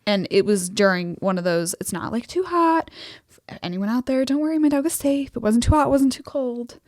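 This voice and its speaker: A woman's voice: fairly high pitch, a little fast, dry recording, clean studio sound. A young woman co-hosting a podcast, telling a story in a casual chat and acting out the people in it with giggles. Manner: animated storyteller, acts out quoted voices with giggles. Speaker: podcast co-host.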